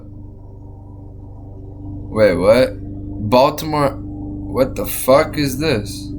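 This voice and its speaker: Excitable, foul-mouthed young man. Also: mid-range voice, very slow, pauses often, soft background music. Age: young adult. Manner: profane, excitable, laughs often. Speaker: streamer reacting to a video. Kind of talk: casual chat.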